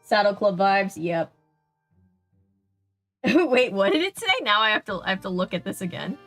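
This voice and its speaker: A woman's voice: mid-range voice, expressive, moderate pace, a bit bright, soft background music. A woman with a Southern US accent, chatting casually and laughing often while streaming a video game. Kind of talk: casual gameplay chat.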